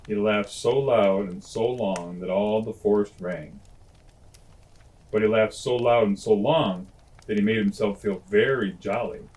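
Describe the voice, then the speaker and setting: A man reading classic children's stories aloud at bedtime, gentle and homely, with chatty asides. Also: on the low side, measured pace, low-quality recording. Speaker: storyteller. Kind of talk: bedtime story read-aloud.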